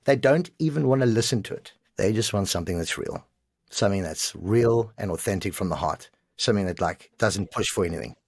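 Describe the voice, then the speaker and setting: A man's voice: fairly low pitch, slightly rough, no room sound, clean studio sound. A middle-aged man, a voice coach talking emphatically in a podcast conversation. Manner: animated, emphatic, quick to act out examples. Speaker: voice artist and coach.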